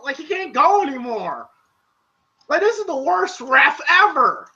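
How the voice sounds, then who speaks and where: A movie reviewer giving a casual spoken review, excitable and profane, retelling scenes in long run-on recaps. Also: high-pitched, a little slow, lo-fi sound.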